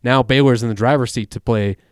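A man's voice: mid-range voice, fairly even intonation, a little fast, no room sound, clean studio sound. A man co-hosting a sports talk show, breaking down games in an analytical, rambling way. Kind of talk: casual sports chat.

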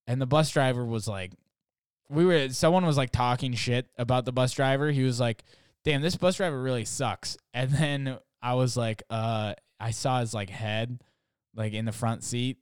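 A man's voice: medium pitch, normal speed, clear, resonant tone, no echo, clean studio sound. Rambling young man telling stories. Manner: rambling, full of "like", profane, acts out others' lines. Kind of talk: casual comic storytelling.

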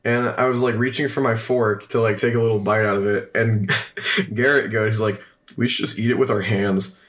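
A man's voice: fairly low pitch, steady tone, normal speed, fairly bright tone. A young man co-hosting a podcast, telling funny stories in casual chat, swearing a lot and laughing often. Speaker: podcast co-host.

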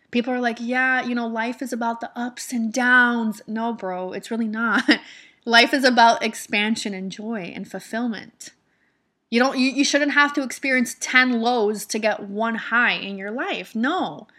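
Casting: woman motivational coach, higher voice, bright and punchy, blunt and repetitive. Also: normal speed. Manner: emphatic, repetitive, swears casually. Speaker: manifestation mentor. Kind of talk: motivational monologue.

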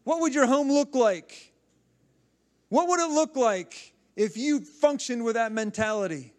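A fervent male pastor delivering a sermon, his voice pitched fairly high for a man. He exhorts his listeners with call and response. His phrasing doubles back and repeats as he drives each point home. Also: expressive, measured pace. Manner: repeats himself and restarts phrases.

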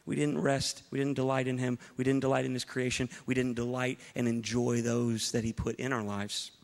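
A man's voice: medium pitch, flat delivery, normal speed, big-room sound. A male pastor preaching a sermon to a congregation, emphatic and rhetorical, with playful asides to the room. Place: church hall before a congregation.

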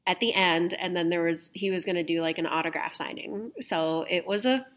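Animated young woman telling stories. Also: lowish voice, brisk. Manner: animated storytelling, laughs often, swears casually. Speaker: podcast host. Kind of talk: casual chat.

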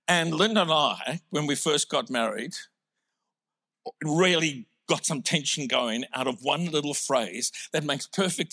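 A man's voice: mid-range voice, pushed and bright, dry recording, clean studio sound. A man from South Africa with a South African accent, preaching a sermon in a conversational, humorous way. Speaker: pastor.

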